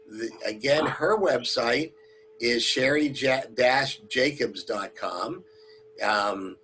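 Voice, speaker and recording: A man's voice: mid-range voice, a bit bright, a little hiss or hum. A man, a rabbi, hosting an online community talk, speaking loosely with many fillers as he makes announcements. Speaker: rabbi and host.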